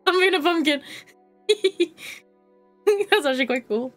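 Giggly woman streaming a game, high voice that jumps all over, faint music behind. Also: lively intonation, slow pace, a bit bright. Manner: giggly, laughs constantly, chatty. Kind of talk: casual live-stream chat while gaming.

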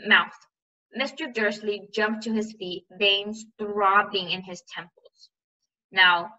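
A woman's voice: medium pitch, pushed and bright, far from the mic, muffled recording. A woman teacher reading a novel aloud and explaining its figurative language, checking in with "right?".

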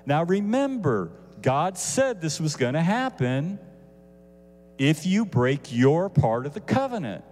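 A man teaching a Bible lesson casually, animated, with asides to his listeners. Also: fairly high pitch, slow, long reverb tail.

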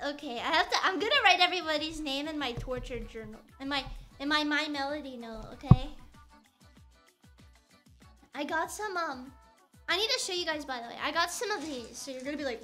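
A woman's voice: high voice, lively intonation, brisk, fairly bright tone, faint music behind. A young woman streamer chatting playfully and rambling while she crafts on stream.

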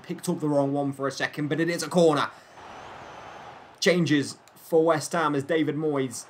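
This gaming YouTuber has a medium-pitched, slightly bright voice, with a bit of hiss or hum in the audio. Playing a football video game, the young man mimics a match broadcaster, tossing in jokes and flashes of frustration.

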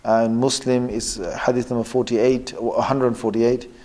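A man teaching a religious lesson who quotes Arabic passages and then explains them in English, pausing often and correcting himself as he goes. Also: medium pitch, little pitch movement, mellow. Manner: pauses often, with fillers and self-corrections. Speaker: Islamic teacher. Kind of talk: lecture on religious texts.

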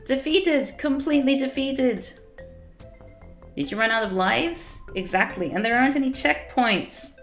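A whiny, melodramatic young man from a visual novel, as a woman reading it puts him on. He complains loudly and theatrically, and his lively voice swoops up and down. Faint music plays underneath. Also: high voice, unhurried, roomy sound, pitched above the performer's own voice, full character voice. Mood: dramatic. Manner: whining, theatrical.

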